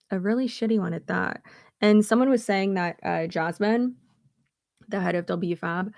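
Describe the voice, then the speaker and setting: Blunt, gravelly-voiced woman chatting on a livestream. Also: mid-range voice, normal speed, a little mellow, no room sound, studio quality. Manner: blunt, sarcastic, swears freely. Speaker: beauty YouTuber. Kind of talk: casual livestream chat. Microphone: streaming setup at home.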